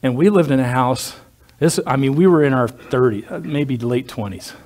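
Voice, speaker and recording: A man's voice: mid-range voice, normal speed, darkish tone. Joking, rambling male pastor preaching. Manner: conversational, digressive, joking asides. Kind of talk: sermon.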